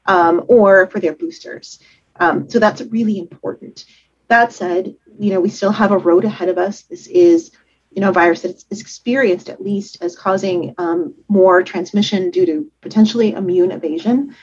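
A woman doctor explaining things in a measured way, with a husky voice and many fillers. She is heard over a dull, lo-fi remote line. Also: medium pitch. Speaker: infectious disease physician. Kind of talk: expert guest on radio.

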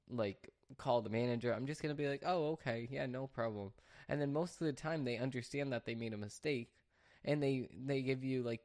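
Man, restaurant worker, casual rant, rambling with fillers, exasperated, middle pitch. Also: darkish tone. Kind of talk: casual talk to camera.

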